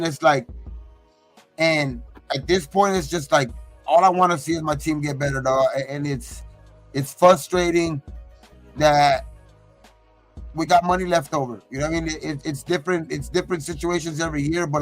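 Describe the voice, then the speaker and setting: Slightly high man venting about his team. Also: steady tone, normal speed, soft background music. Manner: filler-heavy, frustrated, says "you know what I mean". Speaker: podcast co-host. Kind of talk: casual sports talk.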